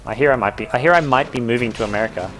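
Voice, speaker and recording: A young man with an English accent giving live, joking play-by-play commentary on a video game, his pitch jumping up at big moments. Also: rapid-fire, a little hiss or hum. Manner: excitable, jokey play-by-play with sudden rises in pitch.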